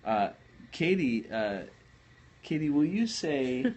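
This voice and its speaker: A man's voice: a little high, sing-song, slow, darkish tone, muffled recording. A man co-hosting a late-night livestream, casually chatting, joking and teasing. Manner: joking, teasing, laughs a lot. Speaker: livestream co-host.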